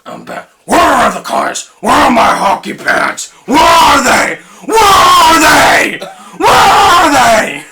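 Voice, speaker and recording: A young man doing a shouting impression of a masked vigilante in a frantic, overblown manner. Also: very high voice, very animated, normal speed, creaky, few pauses, a loud crowd, pitched above the performer's own voice, exaggerated voice. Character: gravel-voiced masked vigilante, man, furious.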